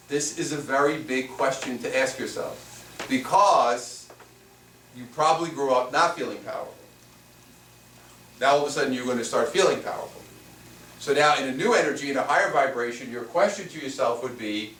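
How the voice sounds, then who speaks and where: A man's voice: medium pitch, moderate pace, fairly bright tone, soft background music. A man, a spiritual teacher, teaching a live seminar in a conversational way and firing rhetorical questions at the room. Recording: echoey room, far from the mic, faint hiss.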